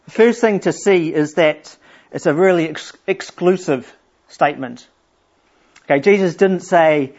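A middle-aged man preaching a sermon, explaining scripture earnestly and reading verses aloud slowly. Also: fairly high pitch, steady tone, darkish tone. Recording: dull lo-fi church recording.

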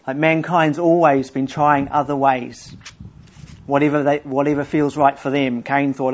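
A middle-aged man preaching a sermon, explaining scripture earnestly and reading verses aloud slowly. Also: mid-range voice, level tone. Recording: dull lo-fi church recording.

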